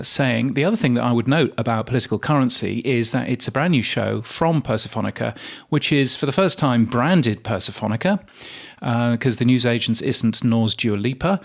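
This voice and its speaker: A man's voice: medium pitch, a little fast, gravelly. A man co-hosting a podcast news review, conversational and wry, with frequent ums and uhs. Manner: conversational, many fillers, wry. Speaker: podcast co-host. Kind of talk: casual news chat.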